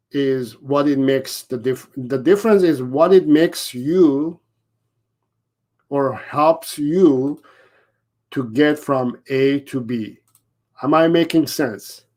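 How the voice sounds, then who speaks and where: A man's voice: medium pitch, darkish tone. A man who trains dogs, talking live to dog owners and acting out short examples between points. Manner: repetitive, acts out owners and dogs in quick asides.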